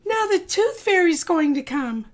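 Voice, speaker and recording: A know-it-all little girl dinosaur from a storybook, played by a woman teacher, bright and sure of herself. The voice rides high and loud. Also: expressive, unhurried. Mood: confident. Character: knowing young girl dinosaur friend.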